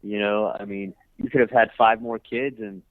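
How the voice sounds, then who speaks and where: A man argues his point on a recorded phone call, talking over the other person. His voice is fairly low. The sound is a dry, tinny phone line. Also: steady tone, normal speed, no echo. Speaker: adult son on a recorded call. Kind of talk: casual phone chat.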